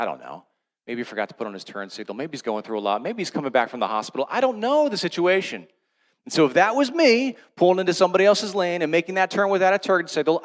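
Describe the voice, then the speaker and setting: Speaking at a medium pitch, this middle-aged pastor preaches in a relaxed, storytelling style, his delivery rising to forceful declarations and dropping to near-whispers.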